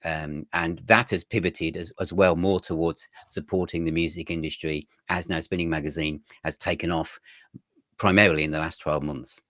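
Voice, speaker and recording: A man, a magazine editor, chatting as an interview guest and telling his story in a relaxed, rambling way. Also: sits low, normal speed, dry recording, studio quality. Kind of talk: casual interview chat.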